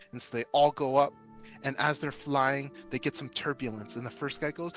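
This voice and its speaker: A man's voice: mid-range voice, fairly bright tone, faint music behind. Man telling a shaggy-dog joke. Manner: drawn-out, repetitive joke telling with little voices. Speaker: gamer telling a joke on a stream. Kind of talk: casual joke storytelling.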